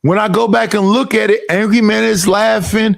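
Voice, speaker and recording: A man's voice: sits high, fairly even intonation, normal speed, vocal fry, no room sound, studio quality. A man in his fifties, a streamer, ranting heatedly and profanely, repeating himself for emphasis. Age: 50s. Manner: profane, emphatic and repetitive, mimicking others.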